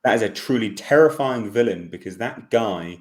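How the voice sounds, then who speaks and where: A man's voice: lowish voice, lively intonation, normal speed. Blunt man on a panel. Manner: emphatic, blunt. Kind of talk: casual panel chat.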